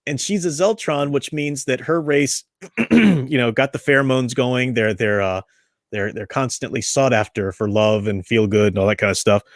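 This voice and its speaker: A man hosting a relaxed book chat, rambling and chatty, full of restarts and fillers. His voice sits at an ordinary middle pitch. The sound is dry and close, with no room echo. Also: moderate pace. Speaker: book study host. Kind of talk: casual book discussion.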